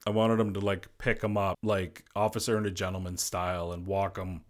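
A man's voice: low voice, flat delivery, fairly quick. A man hosting a casual solo sports podcast, a former goalie who rambles and fills his talk with "you know". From Boston area. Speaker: podcast host.

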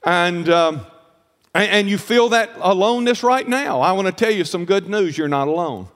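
A pastor with a high voice preaches to his congregation, reading scripture slowly and earnestly. His words ring out with a long reverb in a church sanctuary. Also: fairly bright tone. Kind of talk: sermon.

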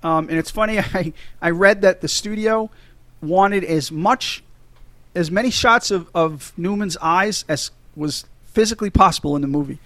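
A man's voice: high-pitched, normal speed, fairly bright tone, no echo. A man hosting a casual movie-talk podcast, rambling and stumbling over his words as he gets emotional. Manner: rambling, restarts a lot, emotional. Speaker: podcast host.

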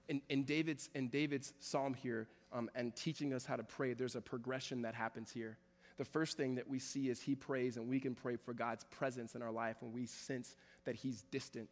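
A man's voice: medium pitch, fairly even intonation, moderate pace, big-room sound. A man preaching a sermon as pastor, building intensity and repeating phrases for emphasis. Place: church sanctuary.

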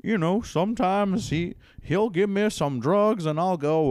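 A man co-hosting a comedy podcast, trading quick, teasing jokes in a home kitchen. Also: high-pitched. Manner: animated, quick, teasing roasts. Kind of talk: improvised comedy banter.

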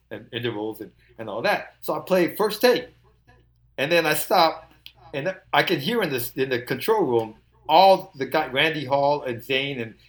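An older man, a musician guest, telling an animated story, laughing often and acting out the quotes. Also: medium pitch.

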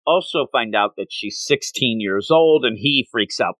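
A man in casual chat, recapping a story in a rambling, animated way and slipping into quoted voices. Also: mid-range voice, a little slow, no echo.

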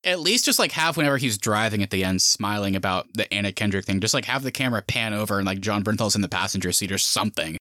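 Animated man hosting a movie podcast. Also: fairly low pitch, no room sound, clean studio sound. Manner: lively, animated, quick asides and joking put-on voices. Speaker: podcast host. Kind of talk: casual movie discussion.

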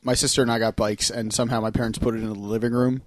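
A man's voice: mid-range voice, flat delivery, a little hiss or hum. A man co-hosting a podcast, joking and jumping in with quips. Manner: joking, quick interjections. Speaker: podcast co-host. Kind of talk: casual chat.

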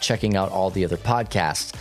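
A young man co-hosting a casual podcast, talking in an animated, jokey way with quick asides. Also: low voice, faint music behind. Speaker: podcast co-host.

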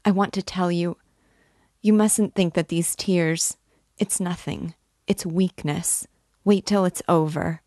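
A woman's voice: lowish voice, fairly even intonation, slow, darkish tone, dry recording, clean studio sound. A woman reading the part of an emotional young woman torn in love, pleading and breaking off mid-sentence. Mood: tearful. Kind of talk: dramatic reading of a novel.

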